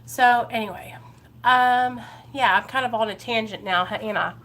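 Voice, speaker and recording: On a live recovery vlog, an Ohio woman chats casually with her viewers, greeting them by name in an earnest, encouraging way. Her voice sits on the high side, fairly bright, at a moderate pace.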